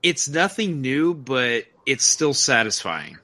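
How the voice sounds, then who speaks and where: Male podcast co-host, bright and forward voice, eager conversational film talk. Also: mid-range voice, sing-song. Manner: enthusiastic, quick asides, slips into quoted voices. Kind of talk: casual film review chat.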